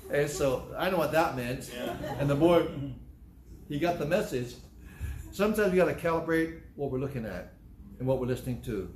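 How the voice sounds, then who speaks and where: A male pastor talks fast in a fairly high, slightly mellow voice, with slight background noise. Recorded in an echoey room with faint ambience, he preaches a sermon, repeating phrases for emphasis and performing quoted voices.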